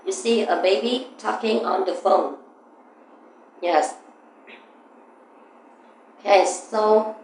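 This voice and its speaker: A woman's voice: medium pitch, roomy sound, a little hiss or hum, rough recording. A woman teaching an English reading lesson, patiently prompting the class with questions and frequent "yeah"s.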